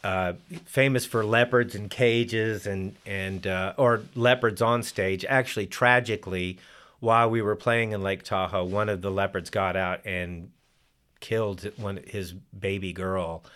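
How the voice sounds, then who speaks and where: This older man, a musician being interviewed, has a fairly low pitch, a steady tone, and a clean, slightly bright sound at a measured pace. His casual storytelling rambles, packed with fillers and repeated restarts.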